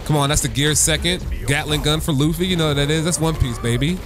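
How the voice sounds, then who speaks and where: A young man giving casual gaming reaction commentary as a YouTuber, slangy and excitable, breaking into loud bursts of hype. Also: on the high side, quick pace, over music.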